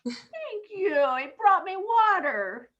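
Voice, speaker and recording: A hoarse woman presenting at a sales team meeting as director, upbeat and encouraging, on dull lo-fi video call audio. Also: extremely high pitch, sing-song, slow, fairly bright tone.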